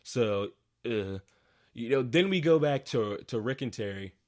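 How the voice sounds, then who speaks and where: A man hosting a casual solo podcast, recapping a TV episode in a rambling, profane way with animated outbursts. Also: medium pitch, unhurried, no echo, studio quality.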